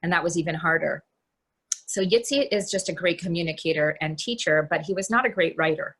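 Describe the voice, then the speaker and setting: A middle-aged woman giving a candid personal talk from her home over a video call, halting and restarting often. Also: on the low side, a bit bright. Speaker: guest speaker.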